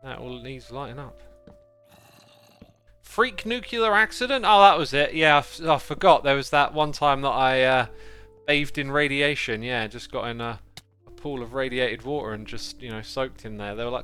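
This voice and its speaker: A man's voice: mid-range voice, normal speed, pushed and bright, smooth, soft background music. A man with a British accent chatting casually and playfully on a game livestream, joking along with the chat he reads out. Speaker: game streamer.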